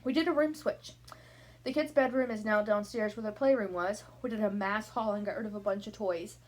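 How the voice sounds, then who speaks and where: A woman's voice: medium pitch, steady tone, brisk, darkish tone. A young woman chatting to camera from her room at night, a little out of breath, rambling from topic to topic. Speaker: vlogger. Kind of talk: casual chat to camera. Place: bedroom at home, at night.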